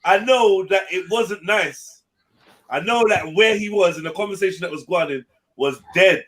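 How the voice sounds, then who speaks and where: A man hosting a casual panel chat, slangy and animated, with quick swings in loudness. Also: sits high.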